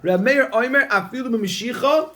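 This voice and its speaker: A man with a high voice teaches a Gemara study class. He explains the text in English laced with Hebrew and Yiddish terms, often restarting his sentences. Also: normal speed, fairly bright tone.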